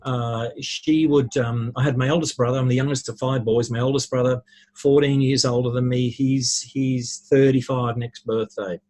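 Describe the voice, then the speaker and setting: A man, a podcast guest, explaining ideas with lively anecdotes and worked examples. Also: mid-range voice, normal speed. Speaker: podcast guest, relationships speaker. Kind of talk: conversational storytelling.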